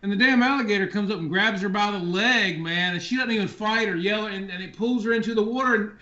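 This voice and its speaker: A middle-aged host spins drawn-out, folksy stories in easy casual chat. His voice sits high for a man. The sound is roomy and a little dull, like a lo-fi call recording. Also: pushed and bright. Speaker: podcast host.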